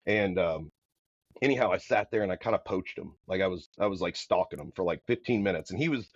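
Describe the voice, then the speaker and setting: A man from the Midwest, a podcast guest, telling a story in a loud, energetic, casual way. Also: sits low, fast talker, husky, dry recording. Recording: dull, dry podcast audio.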